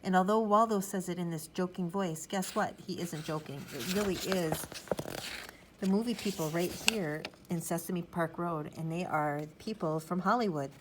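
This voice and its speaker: A woman narrating a children's chapter book in the first person, rambling in a chatty, childlike way. Her voice sits on the low side. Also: moderate pace, background noise. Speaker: audiobook narrator.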